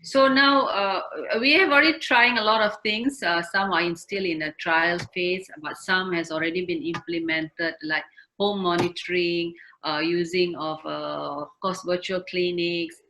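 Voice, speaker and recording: A woman official speaks on a video call, her voice a little low yet sharply bright. She talks earnestly, full of fillers and restarts. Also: steady tone, unhurried, slight background noise, poor audio. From Malaysia. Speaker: health ministry official. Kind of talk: webinar panel discussion.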